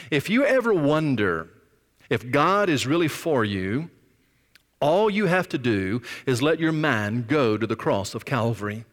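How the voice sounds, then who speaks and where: A male pastor preaching a sermon with emphatic, drawn-out stresses, sometimes dropping almost to a whisper. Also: mid-range voice, big pitch swings, long reverb tail. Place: church sanctuary.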